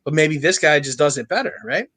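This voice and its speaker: A man's voice: a little high, expressive, fairly quick, a bit bright, slightly rough. A man co-hosting a podcast in casual chat, pressing the others with playful questions. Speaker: podcast co-host.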